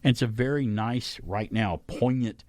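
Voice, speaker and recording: On a studio microphone, a man with a medium-pitched voice hosts a talk radio show, chatting casually at length at a normal speed. He rambles along and keeps correcting himself.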